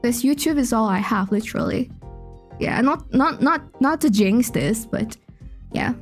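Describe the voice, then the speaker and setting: A young woman chats casually with her livestream viewers. She greets people by name, rambles in a friendly way and drops giggly asides. Soft music runs quietly behind her. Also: on the high side, animated, unhurried. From Indonesia. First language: Indonesian. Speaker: VTuber streamer.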